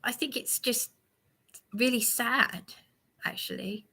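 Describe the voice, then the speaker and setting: Slow, preachy, aggrieved woman. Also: fairly high pitch, vocal fry, sharp tone, slightly rough. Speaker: livestreamer answering a commenter. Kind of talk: rambling live monologue.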